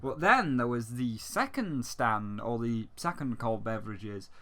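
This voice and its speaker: Young dude gaming youtuber rambling away, bright clear voice, lots of ums and likes. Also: male voice, medium pitch, lively intonation, measured pace. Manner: rambling, chatty, many fillers. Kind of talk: casual vlog over gameplay.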